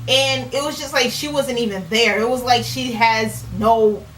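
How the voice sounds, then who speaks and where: A woman's voice: a little high, steady tone, normal speed, a bit bright. Earnest woman, echoey distant mic. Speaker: author and vlogger. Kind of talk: casual on-camera commentary. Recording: echoey room, distant mic, faint noise.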